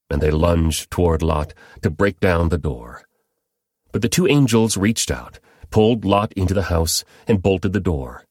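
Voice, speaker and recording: A man giving a steady, measured scripted reading of scripture as narrator. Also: sits low, no echo, clean studio sound. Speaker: Bible reader.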